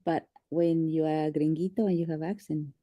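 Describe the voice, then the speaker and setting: A woman's voice: low voice, flat delivery, moderate pace, mellow, dry recording. A woman with a Spanish accent, a native Spanish speaker, in casual chat, playfully mixing Spanish phrases into her English.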